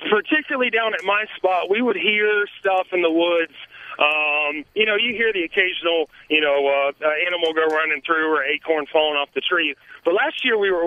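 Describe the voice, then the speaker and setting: A man calling in by phone from a haunted attraction outdoors, his voice high and squeezed through a tinny phone line. He rambles with plenty of fillers and laughs between stories. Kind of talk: casual phone call to a radio show. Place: outdoors at a haunted trail in the woods.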